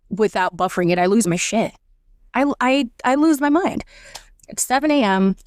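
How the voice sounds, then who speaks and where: A woman's voice: mid-range voice, dry recording, clean studio sound. A woman guest on a podcast, candidly and emotionally telling a personal story and acting out her own thoughts.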